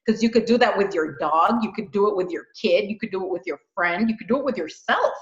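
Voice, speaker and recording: A woman co-hosting a casual spiritual chat, talking in animated, explanatory bursts. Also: mid-range voice, fast talker. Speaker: co-host. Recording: echoey, dull lo-fi audio.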